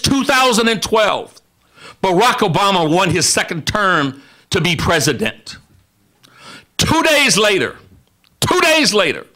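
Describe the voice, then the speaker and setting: A man's voice: fairly high pitch, pushed and bright. A man giving an impassioned speech as a radio guest, repeatedly addressing one listener directly and building emphasis.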